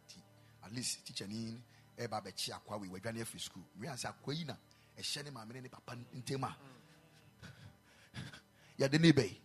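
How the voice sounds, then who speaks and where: A man with a Ghanaian accent preaching a sermon in a chapel, mixing English and Twi, building to loud emphatic peaks. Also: medium pitch. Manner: switches between English and Twi, rising to shouted emphasis.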